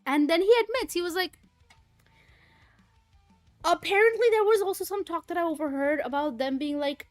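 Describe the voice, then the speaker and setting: A young woman livestreaming, telling a rambling, animated story full of fillers, swearing and laughter. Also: high voice, normal speed, soft background music. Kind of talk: casual storytelling chat.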